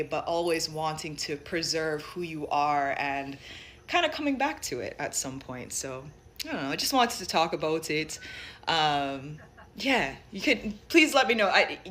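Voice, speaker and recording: A woman's voice: deep voice, a bit bright. A young woman from Jamaica with a light Jamaican accent blended with American speech. She thinks aloud in a casual, rambling monologue full of fillers and restarts. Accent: light Jamaican mixed with American.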